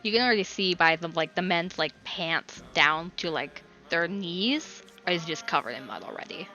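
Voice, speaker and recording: Woman game master, rambling casual narration, lowish voice, faint music behind. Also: animated, normal speed, bright, forceful tone, muffled recording. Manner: rambling, filler-heavy description.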